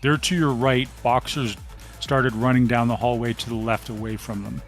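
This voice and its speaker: A man running a tabletop role-playing game as game master, describing the action in a steady, measured way with frequent ums. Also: medium pitch, soft background music.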